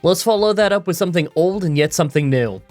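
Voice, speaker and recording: Man, fairly high voice, stuffy and nasal, groggy morning voice, dry self-mocking game voice-over, faint music underneath. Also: animated, fast, a little mellow, dry recording. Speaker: gaming YouTuber. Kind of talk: scripted voice-over commentary. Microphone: recording booth.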